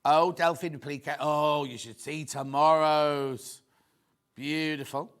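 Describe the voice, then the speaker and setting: A man presenting on a TV shopping channel, chatting excitedly and tossing quick asides to viewers and crew. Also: on the high side, clean tone. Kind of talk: live TV selling chat.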